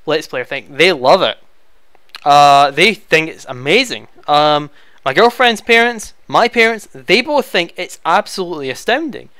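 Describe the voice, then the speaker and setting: A man's voice: fairly high pitch, bright, forceful tone, clear, resonant tone, no room sound. A young man answering viewer questions in a casual, rambling way, chatty and easily flustered, talking into a headset at home. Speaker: YouTube Let's Player. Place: home room.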